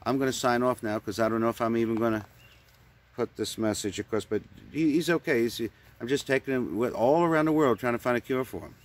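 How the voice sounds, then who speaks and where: A man's voice: medium pitch, brisk. A man doing an improvised comic sketch with a puppet, stammering, repeating words and rambling. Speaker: puppeteer comedian.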